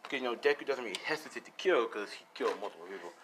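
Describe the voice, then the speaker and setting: A man's voice: mid-range voice, lively intonation, very fast, noisy background. A young man casually improvising a fan story, rambling with lots of fillers. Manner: rambling, full of "you know" fillers.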